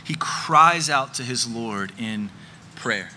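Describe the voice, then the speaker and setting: A man's voice: medium pitch, animated, takes it slowly, pushed and bright, slight background noise. A man preaching a sermon, earnest and emphatic, repeating phrases for effect.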